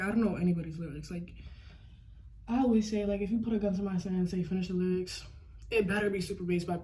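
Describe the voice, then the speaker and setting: A woman's voice: medium pitch, dark tone, a little hiss or hum. A young adult woman chatting casually through a makeup tutorial, rambling in slangy talk full of "like". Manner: slangy, rambling, fills with "like" constantly. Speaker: beauty vlogger.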